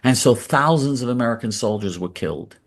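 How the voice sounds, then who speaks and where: A man with a mid-range voice hosts a political commentary monologue, sounding animated and speaking fairly quickly. He's blunt and combative, stressing points by saying phrases twice.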